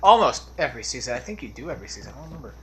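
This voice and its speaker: Over a video game playthrough, a let's play commentator rambles casually, wandering into tangents and mumbling as his sentences fade. His medium-pitched voice is racing and sharp, with big swings in pitch, and there's slight background noise.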